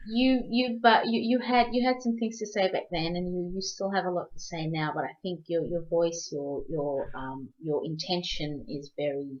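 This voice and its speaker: A woman's voice: lowish voice, steady tone, moderate pace, hardly any pauses. A woman hosting a casual interview, effusive and affirming, full of praise for her guest. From Australia. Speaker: interview host. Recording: slightly dull lo-fi audio.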